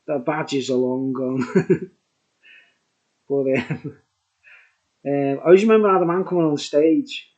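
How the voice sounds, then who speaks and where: A man's voice: a little high, measured pace, pauses often, darkish tone, low-quality recording. A middle-aged man, tipsy and rambling as he reviews a beer, chuckling and saying "like" a lot. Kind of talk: rambling casual chat.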